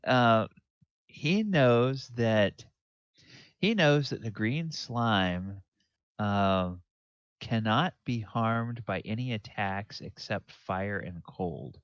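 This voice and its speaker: A low-voiced man narrates a tabletop game as dungeon master, pausing often with ums and restarting his sentences. He talks very slowly. The recording is dry and slightly muffled. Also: expressive, clear, resonant tone, no room sound. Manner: halting, full of ums and restarts. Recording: dull lo-fi dry sound.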